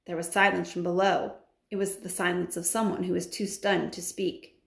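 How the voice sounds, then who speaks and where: A woman reading a children's novel aloud with expressive delivery, breaking in with chatty asides. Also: fairly low pitch, moderate pace, creaky. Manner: animated, adds chatty comments. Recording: roomy echo.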